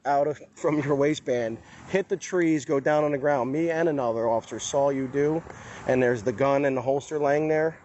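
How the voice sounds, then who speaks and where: Police officer questioning on a noisy bodycam. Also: male voice, mid-range voice, moderate pace. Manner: calm, repetitive questioning with stumbles. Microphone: body-worn camera. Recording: dull bodycam audio with noise.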